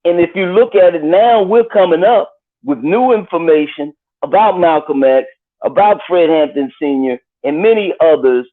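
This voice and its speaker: Male guest, earnest and measured, heard through a phone-like line. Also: fairly high pitch. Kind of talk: commentary on a live stream. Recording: tinny phone-line call.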